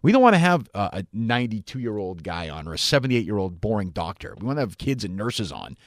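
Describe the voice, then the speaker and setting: A man with a low voice talks off the cuff, rambling and swearing, his pitch swinging widely between flat asides and bursts of emphasis. He keeps his tone chatty as he works through listener questions. The sound is dry and close to the mic. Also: fast talker, dry recording. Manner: rambling and profane, with frequent fillers and wide swings in pitch. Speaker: podcast host. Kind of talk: casual monologue answering listener mail.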